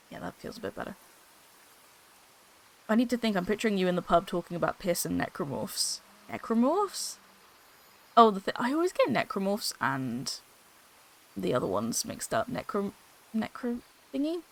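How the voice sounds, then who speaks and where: A woman's voice: medium pitch, sing-song, normal speed, vocal fry, slight background noise. A woman chatting casually on a game stream on an old desktop mic, bubbly, laughing often and swearing freely. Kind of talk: casual gaming stream chat. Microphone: old desktop microphone.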